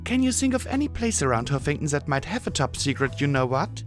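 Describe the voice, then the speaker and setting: A man voicing a scrappy young mare pony, a blunt wasteland survivor who is quick to shout and grin, in an audiobook. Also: fairly high pitch, sing-song, soft background music, pitched above the performer's own voice. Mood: eager. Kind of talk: audiobook character voice.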